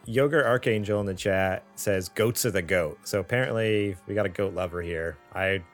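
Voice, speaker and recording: Low-voiced host reading chat. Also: male voice, moderate pace, soft background music. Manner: relaxed, chuckling, reads chat comments aloud. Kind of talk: casual chat.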